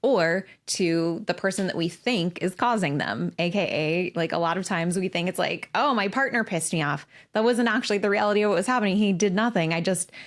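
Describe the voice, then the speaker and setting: A woman's voice: fairly low pitch, a little fast, hardly any pauses. A woman in her forties hosting a casual solo podcast, candid and emphatic, swearing freely as she talks. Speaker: podcast host and coach.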